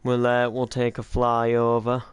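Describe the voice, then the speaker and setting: Man, casual chat, hesitant and rambling, crisp voice, mid pitch. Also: completely flat delivery, unhurried, dry recording. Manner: rambling, hesitant with many restarts. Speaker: roleplay series creator and cameraman.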